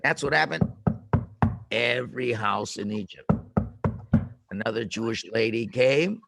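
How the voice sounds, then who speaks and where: A rabbi telling a lesson story to children over a video call, dramatic and full of questions to the kids. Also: male voice, mid-range voice, moderate pace, vocal fry, fairly bright tone, a little hiss or hum.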